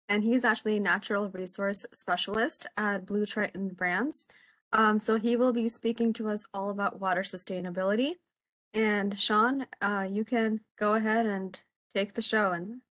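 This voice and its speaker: A woman's voice: mid-range voice, a bit bright, no echo, low-quality recording. Friendly woman host, dry close sound. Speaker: event host. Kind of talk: casual introduction.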